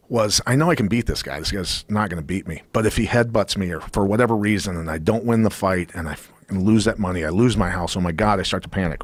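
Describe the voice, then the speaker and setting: Recorded dry, a middle-aged man with a lowish voice tells a story while guesting on a podcast. A former fighter, he's an animated storyteller who acts out people's words in the casual chat.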